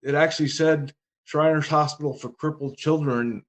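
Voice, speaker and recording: A man speaking as a podcast guest in a moderately high register, spinning wry anecdotes with a dry comic edge. He talks in an easy, conversational way. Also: fairly even intonation, normal speed. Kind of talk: casual interview storytelling.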